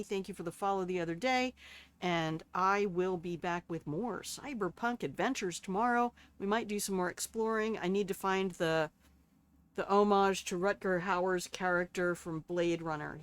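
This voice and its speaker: A woman's voice: medium pitch, smooth. An older woman signing off a game livestream, chatty and affectionate with a self-deprecating streak. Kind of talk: casual livestream sign-off. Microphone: streaming desk microphone.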